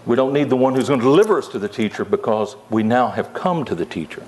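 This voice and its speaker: A man's voice: mid-range voice, lively intonation, fast, darkish tone, slight background noise. An older man teaching the Bible in a folksy, conversational way, with many fillers and asides.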